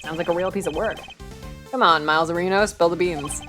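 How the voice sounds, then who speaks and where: A woman voicing a brash, teasing young man in a video game, loud and playful. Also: lowish voice, fairly quick, soft background music, close to an everyday voice.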